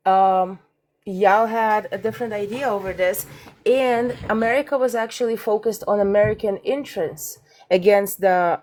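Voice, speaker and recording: A woman's voice: medium pitch, dark tone. Russian-accented woman arguing on a stream. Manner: argumentative, reads articles aloud haltingly. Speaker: guest debating the host. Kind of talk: live-stream debate.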